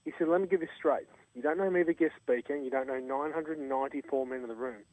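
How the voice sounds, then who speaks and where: A man's voice: mid-range voice, fast, hardly any pauses, a little mellow, no room sound. An Australian man, a charity co-founder, telling an earnest, emphatic story in an interview. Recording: tinny phone line.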